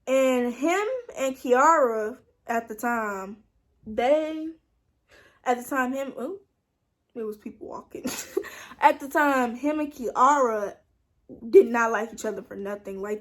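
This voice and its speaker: A young woman tells a casual storytime, animated and acting out quoted lines in her own voice. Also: fairly high pitch. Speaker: vlogger.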